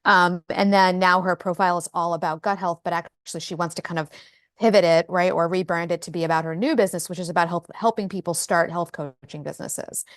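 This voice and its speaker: A woman's voice: fairly low pitch, fairly even intonation, fairly quick, no echo, clean studio sound. A woman co-hosting a casual chat about marketing, talking in a chatty way with lots of fillers and restarts over a video call. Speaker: co-host.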